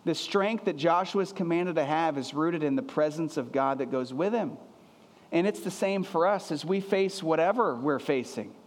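A man's voice: a little high, moderate pace, big-room sound. A man preaching a sermon as a pastor, earnest and emphatic, often repeating his phrases for weight.

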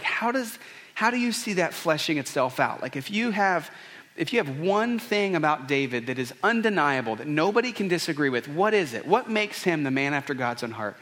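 High-voiced man preaching earnestly. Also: a bit bright. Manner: earnest, conversational preaching with restarts. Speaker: pastor. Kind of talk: sermon.

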